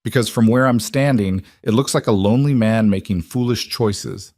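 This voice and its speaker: A man's voice: lowish voice, moderate pace, a little mellow, no echo, studio quality, natural voice. A man putting on a scornful older shopkeeper woman. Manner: stiff, scornful. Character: cold, snobbish older female shopkeeper.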